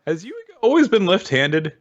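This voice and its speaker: Lively man on muffled audio. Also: sits high, fairly quick. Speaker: podcast co-host. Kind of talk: casual manga chat.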